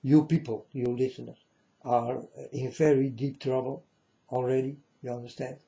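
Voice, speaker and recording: A man giving a mournful prophetic warning monologue, slowly speaking straight to his listeners and calling them folks. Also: medium pitch, little pitch movement, gravelly, warm tone. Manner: slow, mournful, repeatedly addresses listeners as folks. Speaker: self-styled prophet. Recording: dull lo-fi audio.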